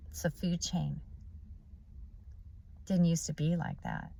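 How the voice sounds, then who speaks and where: A woman's voice: deep voice, fairly even intonation, slow pace, creaky, dark tone. A woman vlogger delivering a blunt, preachy, profanity-laced ranting monologue. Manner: blunt, swears constantly, preachy.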